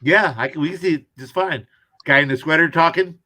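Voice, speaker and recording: A man moderating a casual group video call, with a voice a little higher than usual. He talks people through the settings in a helpful way and often repeats himself. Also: brisk, sharp tone. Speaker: stream moderator.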